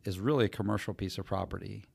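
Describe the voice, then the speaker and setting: A man co-hosting a podcast, telling a work story in a casual, animated way and acting out the people in it. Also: on the low side, fast talker, creaky, no room sound. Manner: animated storyteller, acts out quoted voices. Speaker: podcast co-host.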